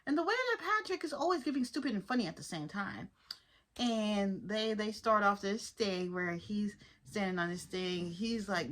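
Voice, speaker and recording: A woman chatting casually to her viewers as she reviews a cartoon episode, lively and informal. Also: fairly low pitch. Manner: chatty, animated, addresses viewers as y'all. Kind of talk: casual commentary.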